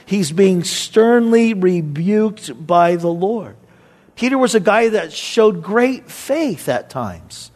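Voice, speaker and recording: A man's voice: sits high, lively intonation, takes it slowly, darkish tone. A man as pastor, giving a conversational, storytelling sermon to a church. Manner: conversational, storytelling, acts out quoted voices.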